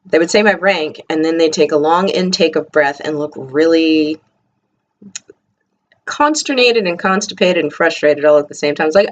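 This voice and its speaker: Chatty middle-aged woman, low voice. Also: moderate pace. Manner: chatty, rambling, digressive asides. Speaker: vlogger, teacher in training. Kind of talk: casual video diary. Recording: slightly muffled lo-fi audio.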